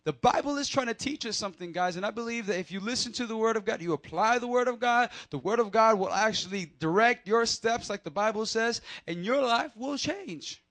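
A man giving a playful, energetic sermon to a youth crowd, leading call-and-response and laughing with them. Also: sits high, brisk, hardly any pauses. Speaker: youth pastor.

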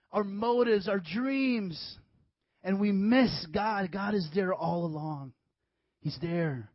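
A man's voice: high voice, no echo, lo-fi sound. A man preaching a casual, joking sermon to young adults, acting out voices and slipping in asides. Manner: animated, acts out voices, jokey asides. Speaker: youth pastor.

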